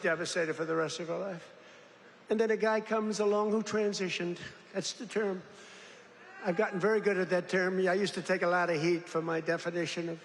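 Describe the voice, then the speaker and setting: Addressing workers indoors in a big factory hall, this older man from the United States delivers an improvised rally speech in a fairly high voice. His style is rambling, boastful, and jokey, wandering between brags and asides and sometimes lapsing into mock voices. The podium mic echoes at length through the space, with a faint hum behind it.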